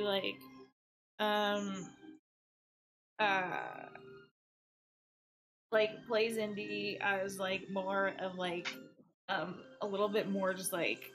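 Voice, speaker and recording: A woman's voice: mid-range voice, takes it slowly, pauses often. Rambling woman player over background music. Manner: rambling, many fillers. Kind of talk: casual out-of-character chat.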